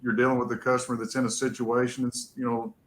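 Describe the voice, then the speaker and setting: A man's voice: medium pitch, little pitch movement, fast, poor audio. A man on an industry panel making his point earnestly and repeating it. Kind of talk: panel discussion.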